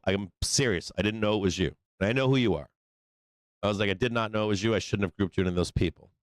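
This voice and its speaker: A man's voice: on the low side, smooth, dry recording. A man hosting a live trading show, telling a long story in a rambling, profane way full of fillers. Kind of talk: casual live-stream talk.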